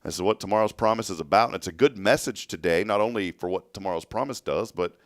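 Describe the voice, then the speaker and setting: A man's voice: lowish voice, fast talker, dry recording, clean studio sound. A man hosting a local morning show, reading a prepared message and viewer greetings in a casual, joking way. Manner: reads shout-outs to viewers, jokes with his co-host. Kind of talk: reading a sponsor message, then casual chat.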